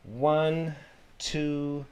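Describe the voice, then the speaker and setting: A man's voice: fairly high pitch, steady tone, extremely slow, darkish tone, smooth, soft background music. A man teaching a live online ukulele lesson, explaining patiently step by step and counting the beats aloud. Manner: friendly, greets viewers by name. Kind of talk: livestream music lesson.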